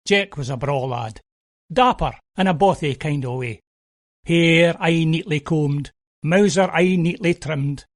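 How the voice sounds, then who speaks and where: A man's voice: fairly high pitch, unhurried, no room sound, clean studio sound. A Scottish man narrating an audio play in dialect, in a wry, homely, conversational way.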